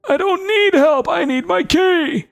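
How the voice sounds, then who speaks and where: A man voicing a feral, paranoid old male goblin hermit in a shrill old-man voice. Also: a little slow, vocal fry, faint music behind, heavily acted. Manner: shrill, suspicious, squawking.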